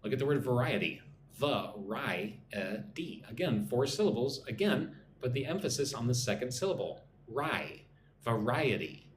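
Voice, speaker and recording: A man teaching an English lesson on a live stream, talking slowly and checking in with "right?" after his points. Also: medium pitch, animated, darkish tone, a little hiss or hum. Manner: slow, repeats points with frequent "right?". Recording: echoey room, faint ambience.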